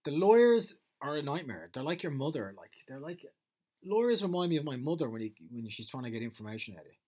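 A man's voice: mid-range voice, expressive, fast talker, a little mellow. A man delivering a profane, rambling comedic monologue as a podcast host.

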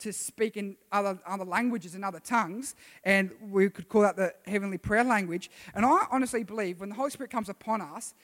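A man's voice: sits high, fairly quick, few pauses. Man preaching in a reverberant hall. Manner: casual, energetic, calls on listeners to respond. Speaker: youth pastor. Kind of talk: sermon.

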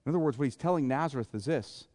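A man's voice: mid-range voice, very fast, a little mellow, long reverb tail. A man preaching a sermon as a pastor, explaining scripture in plain, conversational paraphrase. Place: church sanctuary.

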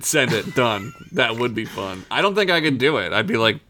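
A man's voice: mid-range voice, very animated, moderate pace, pushed and bright. A man co-hosting a casual podcast, reading listener emails aloud, laughing often and swearing freely. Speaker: podcast co-host. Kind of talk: casual chat.

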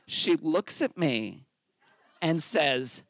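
An animated man tells a comic story on stage, his fairly high voice leaping up and down as he acts out every quote. The sound is dry and close. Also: drawn-out words, no echo. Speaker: story slam host. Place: theater stage.

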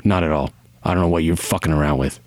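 A man's voice: extremely low pitch, quick pace, no echo, studio quality. A man voicing a grieving, volatile male patron who broods and then bristles defensively. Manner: swings from weary brooding to defensive bluster.

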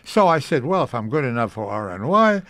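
An older man with a gravelly voice tells long stories in an interview. He acts out the people he quotes, and his voice rises and falls with the telling. The recording is close and dry. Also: medium pitch, brisk, dry recording. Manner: animated storyteller acting out quoted voices. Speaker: interviewee recalling a radio career. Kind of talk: storytelling interview.

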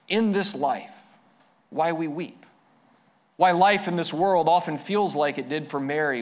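A man preaching a sermon as a pastor, earnest, slowing down and dropping softer to stress his points. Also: fairly high pitch.

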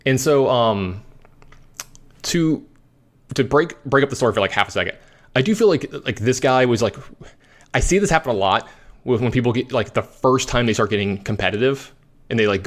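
A man casually telling a long story as a podcast host, animated and rambling, with lots of fillers. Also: on the low side. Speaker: competitive card game player.

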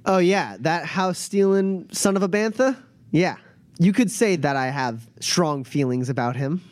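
A man's voice: on the high side, unhurried, darkish tone, no room sound, voice pushed up, lightly acted. A man voicing a tough, muscular alien biker woman who is blunt, guarded and streetwise, in a tabletop game. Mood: wary.

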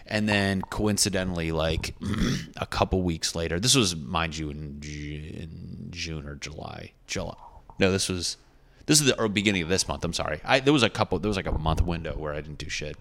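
A man's voice: deep voice, brisk, fairly bright tone. A young man, a stand-up comedian, casually telling a rambling, profane story and often correcting himself.

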